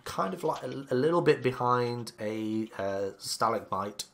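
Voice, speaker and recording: Hesitant, slow-talking male game master. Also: mid-range voice, animated, vocal fry, fairly bright tone. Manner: hesitant, full of ums and likes. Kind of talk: narrating a tabletop game.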